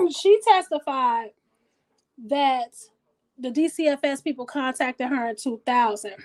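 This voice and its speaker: A woman hosting a casual talk show, blunt and profane, animated and thinking out loud. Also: high-pitched. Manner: animated, blunt and profane, pausing to reason aloud. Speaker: host.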